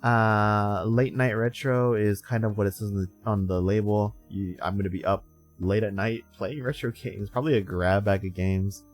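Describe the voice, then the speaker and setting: A man's voice: on the low side, steady tone, moderate pace, faint music behind. A man in his twenties hosting a live stream, chatting casually, sleepy and rambling with frequent laughs. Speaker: streamer host.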